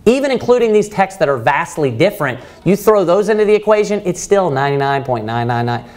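A man leads a Bible study as pastor, his voice pitched high and swinging widely in pitch. He teaches emphatically, pressing the room with rhetorical questions and restarting his sentences as he goes. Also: a little mellow. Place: church.

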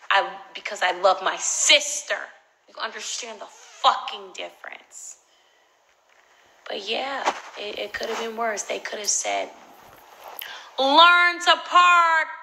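Young woman, livestream storyteller on a phone; bright, gravelly delivery, loud then whispered, very profane. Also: medium pitch, poor audio. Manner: animated and profane, swinging between loud outbursts and whispered asides. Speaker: social media personality on a livestream.

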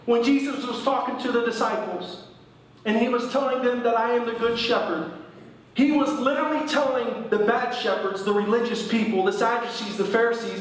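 A man with a high-pitched voice preaches a sermon, reading scripture aloud and explaining it to the congregation. The sound is heavily echoey, like a large church room. He sounds a bit away from the microphone. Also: distant mic. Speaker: pastor. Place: church service.

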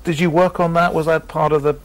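A man's voice: on the high side, flat delivery, quick pace. A man interviewing a guest, asking hesitant, prompting questions.

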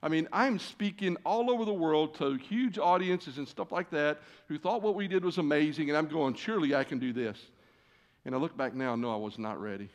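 Animated man preaching a storytelling sermon. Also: a little high, fairly quick. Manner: animated, acts out quoted conversations. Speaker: guest preacher. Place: church sanctuary.

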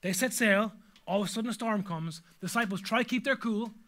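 Bright-voiced pastor preaching. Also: male voice, high-pitched, fairly quick. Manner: storytelling, humorous, animated. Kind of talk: sermon.

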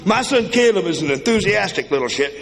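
Profane stand-up comic, high and lively. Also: male voice, fairly quick, vocal fry, a little hiss or hum. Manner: crude, profane storytelling with quoted voices. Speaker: stand-up comedian. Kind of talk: stand-up comedy set. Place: comedy club stage before a live audience. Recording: live club recording with crowd and reverb.

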